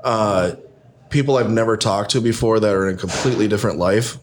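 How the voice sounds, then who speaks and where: Halting, low-voiced man searching for words. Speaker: podcast guest. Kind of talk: casual podcast chat.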